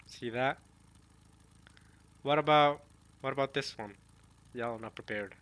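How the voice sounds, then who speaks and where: Bright-voiced man chatting casually. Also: medium pitch, a little slow. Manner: chatty, addresses viewers as y'all, muses aloud. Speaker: manga chapter reaction host. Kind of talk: casual reading and reaction chat.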